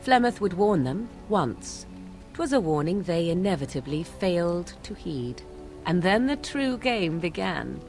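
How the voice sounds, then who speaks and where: A woman's voice: fairly low pitch, big pitch swings, unhurried, a little mellow, soft background music. An actress voicing a young, aloof, sardonic witch in a video game, speaking in a cool, archaic, mocking way. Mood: cool wry. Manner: archaic cool speech, wry amusement.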